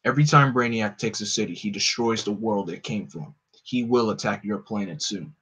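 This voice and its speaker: A man voicing a grim male vigilante leader in a comic read-aloud, speaking in low, clipped, solemn commands. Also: normal speed, a bit bright, slightly rough.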